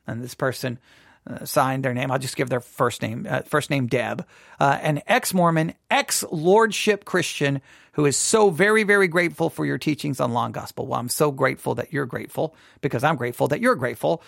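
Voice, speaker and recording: A man teaching in a sermon style, answering listener questions, earnest and animated, often repeating words and restarting. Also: medium pitch, fairly quick, creaky, no echo, clean studio sound. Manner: earnest, animated, acts out imagined people.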